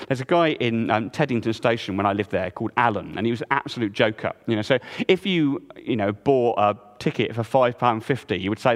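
A man preaching a sermon in a church, swinging between loud emphasis and hushed low tones. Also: expressive, fast, few pauses. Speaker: pastor. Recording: long reverb of a church hall.

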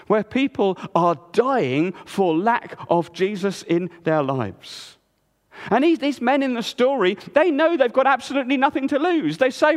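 Pastor preaching in a reverberant church. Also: male voice. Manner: dramatic, swings from loud emphasis to hushed low tones. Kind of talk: sermon. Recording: long reverb of a church hall.

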